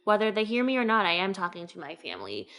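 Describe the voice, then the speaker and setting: Bright, clear-voiced woman podcast host. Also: medium pitch, big pitch swings, fast. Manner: laughs often, swears casually, chatty. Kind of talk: casual chat.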